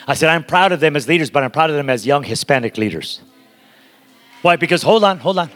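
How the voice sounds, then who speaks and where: A man's voice: fairly high pitch, lively intonation, moderate pace, long pauses, fairly bright tone, faint music behind. A man giving a sermon as a guest preacher, emphatic and talking straight to the congregation in a church. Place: church sanctuary. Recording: long reverb of a large hall.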